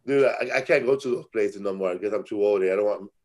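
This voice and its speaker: A man's voice: fairly low pitch, fast. A man hosting a podcast in casual chat, telling rambling stories and stumbling over repeated words. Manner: rambling storyteller, repeats words when excited. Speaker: podcast host.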